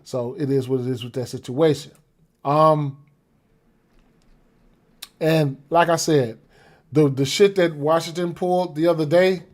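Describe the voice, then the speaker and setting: A man's voice: on the high side, moderate pace, darkish tone. A man talking through sports bets casually, rambling with repeated fillers and frequent "right?" check-ins. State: has the hiccups. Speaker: sports betting podcaster. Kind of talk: casual betting analysis talk.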